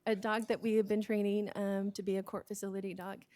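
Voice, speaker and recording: Earnest woman with a mellow, even voice. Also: medium pitch, a little fast. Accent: American. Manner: steady and earnest, becoming emotional and hesitant. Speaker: victim services presenter at a county meeting. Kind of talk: reading a prepared report, then answering questions.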